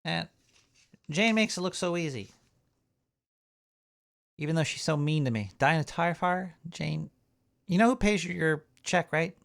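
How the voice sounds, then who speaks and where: Goofy radio host guy, gravelly, voice bouncing all over, reading news. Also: fairly high pitch, lively intonation, a little slow, long pauses, a bit bright. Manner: goofy, fiddles with voice effects.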